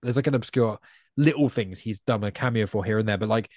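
A man's voice: lowish voice, fast, a little mellow, no room sound. English male guest, rambly and chatty, dry booth sound. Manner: chatty, rambling, self-correcting. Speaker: podcast guest. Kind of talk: casual podcast chat.

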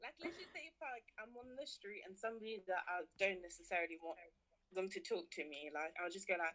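A woman's voice: mid-range voice, fairly quick. A young woman from London and France, a pharmacy student, chatting casually as a guest on a student radio show. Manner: lively, chatty, filler-heavy. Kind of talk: casual chat.

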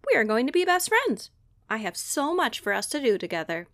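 A woman voicing an impatient, energetic young girl who talks quickly and bossily. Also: sits high, no echo, studio quality, pitched above the performer's own voice, full character voice. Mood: eager. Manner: quick, bossy, eager.

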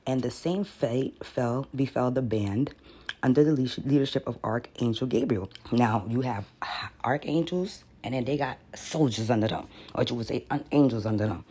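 A man's voice: medium pitch, moderate pace, mellow, breathy edge. A man teaching on a podcast in a casual, rambling way, often repeating words and reading passages aloud.

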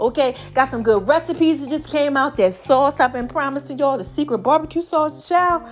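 A woman hosting a casual inspirational podcast, chatty and preachy, talking to her listeners and a bit out of breath. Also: high-pitched. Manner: chatty, preachy, animated with lots of y'all and child. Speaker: podcast host.

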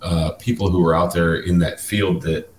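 Deep-voiced man chatting, roomy sound. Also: flat delivery, normal speed, slight background noise. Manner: enthusiastic and playful. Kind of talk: casual chat.

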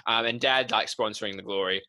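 A man's voice: fairly low pitch, fairly even intonation, fairly quick, bright, forceful tone, smooth, poor audio. A young man, casually telling rambling stories on a podcast and laughing between lines. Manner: rambling storyteller, laughs mid-sentence. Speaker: podcast co-host. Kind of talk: casual chat.

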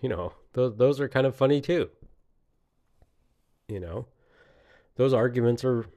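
A man's voice: mid-range voice, a little slow, mellow, muffled recording. A man in his late thirties in a rambling, reflective solo monologue, often laughing at himself. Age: 30s. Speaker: podcaster.

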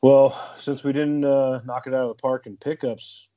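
A man co-hosting a podcast in relaxed casual chat, easygoing and reacting to the others. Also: mid-range voice, normal speed, dull audio. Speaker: podcast co-host.

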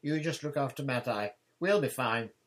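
A man's voice: mid-range voice, expressive, moderate pace, pitched above the performer's own voice, natural voice. Brief: stern motherly witch, a man putting her on, firm and reassuring.

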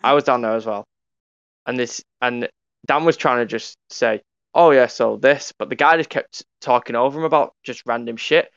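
A man's voice: mid-range voice, normal speed, fairly bright tone, clean tone, no room sound. Laughing young man, lo-fi. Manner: laughing, storytelling, profane banter. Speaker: podcast co-host. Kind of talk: casual chat. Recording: dull, lo-fi sound.

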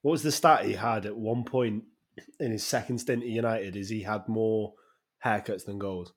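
A man's voice: fairly low pitch, steady tone, normal speed, slightly rough. A man co-hosting a casual football podcast, giving blunt, exasperated opinions. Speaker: podcast co-host.

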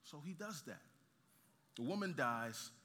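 Man from nigeria, preacher, sermon, bright voice, slightly high, animated, jokey asides, echoing church hall. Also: a little slow. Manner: animated, joking asides to the congregation. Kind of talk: sermon with storytelling. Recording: reverberant hall.

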